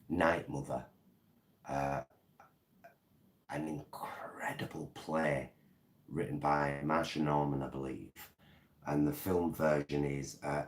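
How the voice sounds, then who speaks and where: Chatty man, extremely low voice, live-streaming to viewers and reading their comments. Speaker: vlogger.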